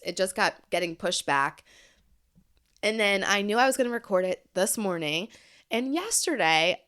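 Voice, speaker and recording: A woman's voice: on the low side, fairly bright tone. A woman in her thirties hosting a solo podcast, speaking earnestly and encouragingly and addressing listeners directly. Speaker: podcast host. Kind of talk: heartfelt solo podcast talk.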